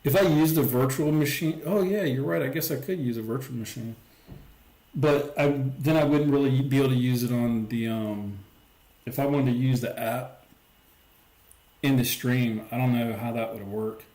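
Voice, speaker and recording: A man's voice: medium pitch, moderate pace, warm tone. Casual rambling male streamer, roomy sound. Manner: rambling, lots of "like" and "um". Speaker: livestream host. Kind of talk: casual livestream chat. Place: home stream setup. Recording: roomy echo.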